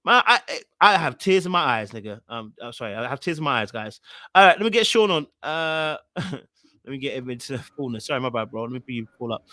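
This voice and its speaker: A man's voice: medium pitch, lively intonation, quick pace, sharp tone, no room sound. A man hosting a live podcast stream in casual chat, loosely talking and reading out viewer comments.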